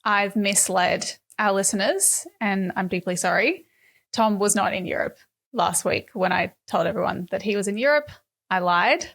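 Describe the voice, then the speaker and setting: A woman's voice: medium pitch, creaky, fairly bright tone. A woman co-hosting a political podcast, teasing and laughing through casual comedic chat. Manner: teasing, laughs often, quick asides. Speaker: podcast co-host.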